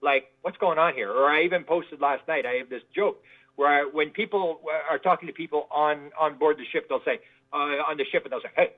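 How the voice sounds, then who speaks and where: A man's voice: a little high, a little fast. Rambling man on a tinny line. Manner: rambling, repeats words, acts out quoted voices. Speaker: guest researcher. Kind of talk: casual interview storytelling.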